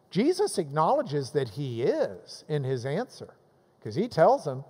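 High-voiced man preaching in a reverberant hall. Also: measured pace, slightly rough. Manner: animated preaching, acts out quoted voices. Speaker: pastor. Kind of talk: sermon.

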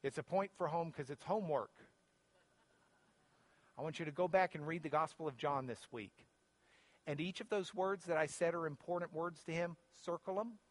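A man teaching a Bible lesson as a sermon, earnest and rising in pitch when he quotes Scripture, closing in prayer. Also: moderate pace, no room sound.

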